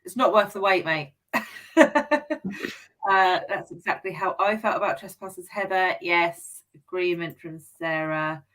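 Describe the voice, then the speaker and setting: A woman's voice: fairly low pitch, fairly even intonation, measured pace, fairly bright tone, rough recording. A woman in her forties hosting a casual book chat, reading out comments and laughing often. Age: 40s. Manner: chatty, laughs often, reads comments aloud. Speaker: podcast host.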